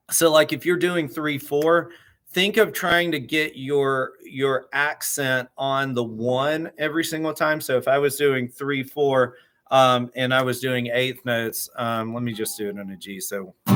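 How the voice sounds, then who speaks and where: A man explaining guitar strumming at an unhurried, deliberate pace, pausing and restarting his sentences as he thinks. His pitch sits in an ordinary middle range. He talks like a relaxed teacher answering questions, counting beats aloud now and then. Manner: halting, repeats words often while explaining. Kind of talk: casual guitar lesson.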